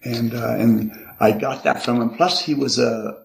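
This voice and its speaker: An older man, a podcast guest, earnestly telling a personal story about his father, halting often with repeated restarts. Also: mid-range voice, fairly even intonation, vocal fry, a little hiss or hum. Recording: echoey room. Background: card shuffling.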